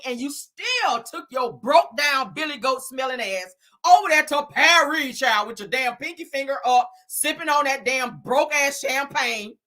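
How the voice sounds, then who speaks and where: Woman, forties, higher voice, swooping pitch, casual gossip host, profane, laughs a lot, calls viewers girl and child. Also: bright, forceful tone. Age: 40s. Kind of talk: casual celebrity gossip commentary.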